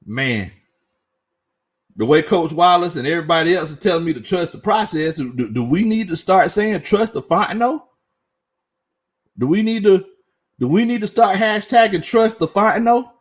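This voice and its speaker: Young man, sports stream host, casual slangy chat, laughing a lot, slightly high voice. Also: animated, normal speed, pauses often. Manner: laughs often, reads chat comments aloud, slangy and playful.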